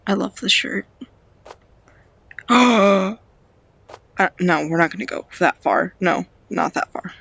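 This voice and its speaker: A woman's voice: lowish voice, takes it slowly, vocal fry, long pauses, a bit bright, slightly rough. A woman with a stuffy nose giving casual, playful commentary on a game she is playing at home, talking to the characters and now and then dropping into a whisper. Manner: drops to whispers at times. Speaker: game vlogger. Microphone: cheap home microphone.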